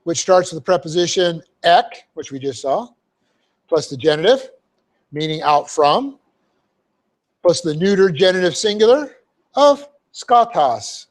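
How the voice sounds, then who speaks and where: Teaching in a church hall, a middle-aged pastor unpacks a Bible passage one word at a time, sprinkling in "okay?" checks and homely remarks. His voice is high and animated, a little slow, with long pauses.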